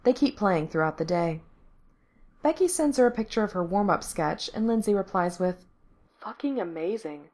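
A woman narrating a story aloud, reading in a steady, even way. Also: mid-range voice, normal speed.

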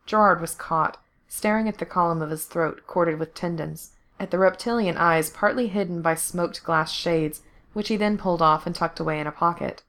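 A woman reads fiction aloud as narrator, in a steady, even storytelling voice. Her pitch sits somewhat low for a woman. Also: normal speed, few pauses. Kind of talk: fan fiction reading.

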